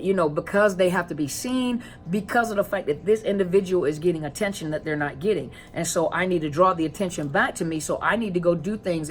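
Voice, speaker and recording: A woman counselor giving a casual educational talk to viewers, conversational, with many rhetorical questions and repeated phrases. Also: on the low side. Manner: stalls with fillers while searching for words. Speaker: counselor and coach on narcissistic abuse.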